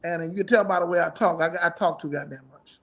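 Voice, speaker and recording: A middle-aged musician, guesting in a casual interview, talks fast in a rambling, profane way and laughs often. His voice sits on the high side, gravelly and a bit bright.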